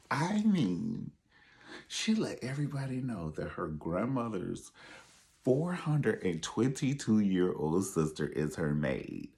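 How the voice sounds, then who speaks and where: A man's voice: deep voice, very animated, slow pace, vocal fry, a little mellow. A man giving sassy, profane pop-culture commentary and calling his listeners honey. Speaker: online show host.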